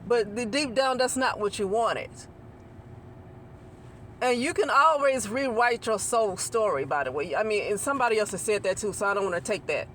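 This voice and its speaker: A woman hosts her own channel, delivering a casual spiritual monologue that rambles, restarting and repeating phrases while asking "okay?" to get agreement. Her mid-range voice is animated and a bit bright, at normal speed, with a little hiss or hum in the recording.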